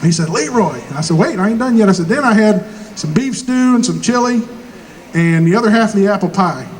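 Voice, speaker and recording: A high-voiced man with a rural Southern American drawl spins folksy hillbilly yarns on stage, voicing each character himself and dropping punchlines deadpan. A faint hum of live-room ambience sits underneath him. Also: brisk, low-quality recording. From Missouri. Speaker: stand-up comedian. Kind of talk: stand-up comedy storytelling.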